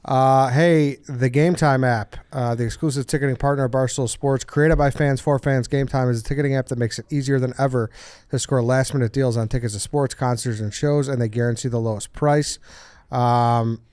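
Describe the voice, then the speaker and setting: A man's voice: medium pitch, steady tone, normal speed, a little mellow, clear, resonant tone, no room sound. A man hosting a sports podcast, chatting easily with friends and reading an ad. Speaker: podcast host. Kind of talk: casual chat and read ad.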